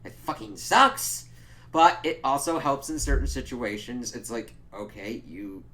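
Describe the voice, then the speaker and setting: A man's voice: medium pitch, animated, a little slow, pushed and bright, slight background noise. A young man giving a casual spoiler review of a TV episode, rambling and sarcastic, swearing constantly. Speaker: TV show reviewer.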